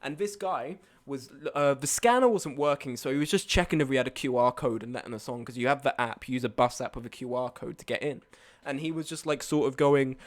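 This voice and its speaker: A man's voice: fairly high pitch, fast talker. A young man telling a rambling story to his stream chat, swearing and laughing along the way. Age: young adult. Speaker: live streamer.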